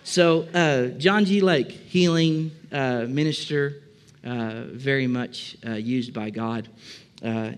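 A male pastor preaching in a loose, conversational way, full of "uh" fillers and direct asides to the congregation. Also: mid-range voice. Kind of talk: sermon.

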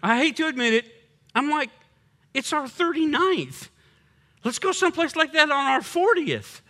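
An older man, a pastor preaching a sermon, swinging between loud punchy lines and quiet low drops. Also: very animated, moderate pace.

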